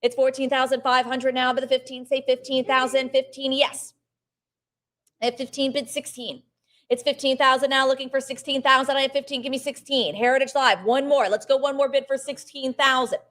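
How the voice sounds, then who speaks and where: A woman auctioneer calling bids at a live auction, chanting numbers briskly and coaxing bidders to go one more, with short remarks about the art. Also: high-pitched, little pitch movement, fairly bright tone.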